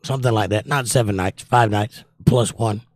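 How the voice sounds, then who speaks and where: A man's voice: on the low side, normal speed, dry recording. A man hosting a casual livestream, joking and greeting viewers with upbeat energy as he reads their chat comments. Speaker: livestream show host.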